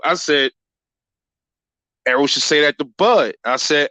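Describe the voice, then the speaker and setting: A man's voice: fairly high pitch, expressive, pushed and bright, no echo, dull audio. A man hosting a boxing channel livestream, reading viewer comments in a profane, rambling way and calling everyone bro. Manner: profane, rambling, quick to laugh.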